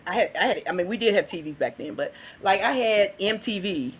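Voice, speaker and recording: A woman who works with youth, telling animated stories in a casual podcast chat and acting out the voices she quotes. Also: mid-range voice, brisk, breathy edge. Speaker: youth worker and guest.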